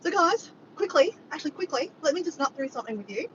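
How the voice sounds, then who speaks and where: Quick-paced and expressive, this Australian vlogger chats casually with viewers on her livestream. She wanders from topic to topic, reading the chat aloud and saying hello to viewers by name; the mic sounds dull and distant, with rumbling vehicles in the background.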